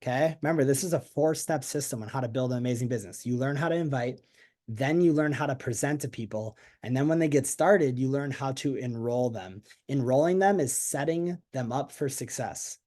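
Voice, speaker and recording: A man leading a network marketing team call on a video call, energetic and chatty, asking the audience questions. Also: mid-range voice, brisk. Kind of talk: motivational team call talk.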